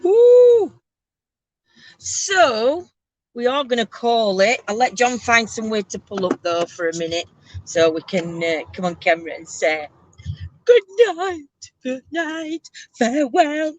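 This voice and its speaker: A woman's voice: medium pitch, moderate pace, dry recording. A chatty woman rambles from inside a car, laughing often and filling gaps with ums. Her voice sits in the middle of the range, and the sound is close and dry, caught on a handheld camera. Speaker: host of a ghost tour show. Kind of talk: casual chat from a car. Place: inside a moving car at night.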